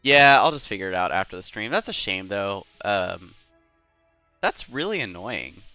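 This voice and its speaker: A young man with a low-pitched but bright, forceful voice, rambling casually to his stream viewers with lots of fillers and self-deprecating asides. The audio is slightly muffled, with faint game music underneath. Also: very animated, moderate pace, clean tone, no echo. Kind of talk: casual live-stream chat.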